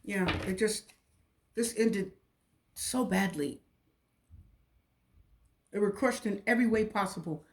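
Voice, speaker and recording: A woman's voice: mid-range voice, takes it slowly, pauses often, a little mellow, a little hiss or hum. A woman giving a casual, repetitive and emotional tarot reading. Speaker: tarot reader.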